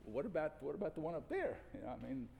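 A man teaching a Talmud class, reading passages and restating them in animated, repeated phrases. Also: a little high, fast talker, gravelly, in a large hall, heavy background noise. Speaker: Torah teacher.

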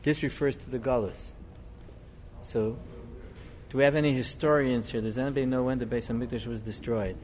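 A middle-aged man, a rabbi, giving a storytelling sermon in a conversational, digressive way that grows animated as the story builds. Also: mid-range voice, brisk, slight background noise.

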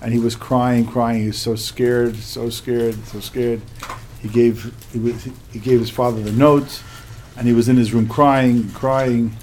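A middle-aged man teaches a class through a story, repeating himself and hitting key words hard. His voice sits at an ordinary middle pitch. A faint noise runs beneath his speech. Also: flat delivery, measured pace, a little mellow. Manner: repetitive, emphatic storytelling. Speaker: religious teacher.

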